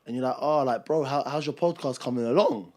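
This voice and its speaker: Young male co-host, rapid, rambling storyteller who acts out quotes. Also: mid-range voice, darkish tone. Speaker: podcast co-host. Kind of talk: casual chat.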